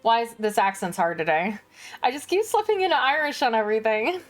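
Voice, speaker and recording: A woman's voice: medium pitch, sing-song, normal speed, soft background music. A woman streaming a video game, reading the characters' lines aloud in put-on accents and laughing at her own attempts. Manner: laughing at herself, slipping between accents.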